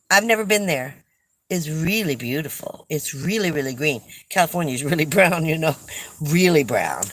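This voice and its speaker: A woman's voice: low voice, no room sound, poor audio. An older woman hosting a casual livestream, chatting and telling stories with frequent laughs. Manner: chatty, storytelling, laughs often. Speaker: livestream host reading viewer comments.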